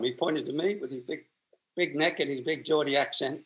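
A man's voice: fairly high pitch, fairly quick, fairly bright tone. A man, telling stories as a podcast guest, acting out voices, with many restarts. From Australia. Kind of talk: casual storytelling.

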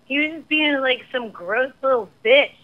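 A woman's voice: sits high, normal speed, narrow, tinny audio. A drunk woman calling in over a speakerphone, rambling and swearing. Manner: slurred, rambling and profane. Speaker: caller. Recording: speakerphone call.

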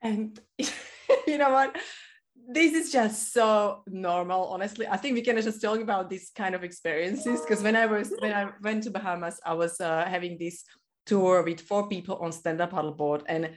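A woman's voice: mid-range voice, moderate pace. A woman for whom English is not her first language, a guest in a casual chat. She speaks with animation, laughs often and sometimes searches for words.

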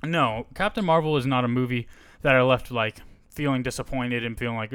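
A man's voice: medium pitch, fairly quick, a bit bright, clear, resonant tone, dry recording. A man hosting a podcast, giving a casual, rambling and frank movie review on a close mic. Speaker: podcast host.

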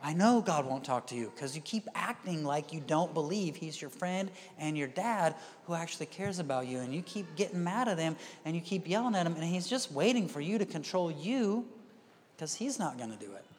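A male pastor giving a conversational sermon, dropping to quiet asides and rising to loud emphatic bursts. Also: a little high, lively intonation, a little fast. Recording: reverberant hall.

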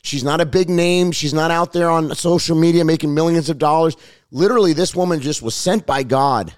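A middle-aged man preaching and praying aloud as a pastor, fervent and repetitive, his voice hoarse and raspy. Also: fairly high pitch, brisk, no echo, clean studio sound. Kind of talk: sermon and prayer.

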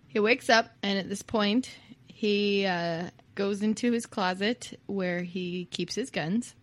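A woman co-hosting a podcast, telling a true-crime story in a casual, chatty way and laughing often. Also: mid-range voice. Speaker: podcast co-host.

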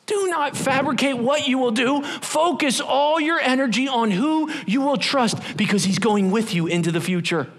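A man's voice: extremely high pitch, normal speed, hardly any pauses, a bit bright. A middle-aged male pastor preaching a sermon, telling the story with acted-out voices and sudden drops to a whisper.

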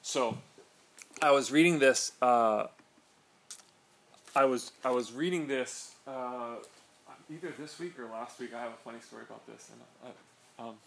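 A man's voice: medium pitch, measured pace, pauses often, fairly bright tone. A man giving an informal Bible study to a small group, chatty and full of "right?" asides. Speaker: Bible teacher. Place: room with a small group of listeners. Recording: echoey room with faint background noise.

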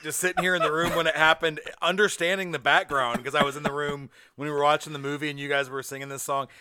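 A man's voice: fairly high pitch, fairly even intonation, quick pace, pushed and bright, smooth. A man co-hosting a casual movie-review podcast, delivering dry, wry asides. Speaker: podcast co-host.

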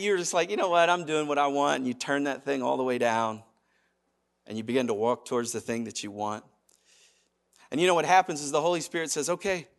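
A man preaching a sermon in a lively, conversational way, dropping to a gentle hush when he voices asides. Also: sits high. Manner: animated, conversational preaching with quiet acted asides. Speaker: pastor.

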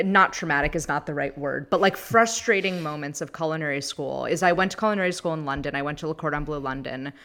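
A woman in her thirties chatting casually as a podcast guest, animated and rambling, laughing often. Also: on the low side. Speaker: guest, food anthropologist and TV host.

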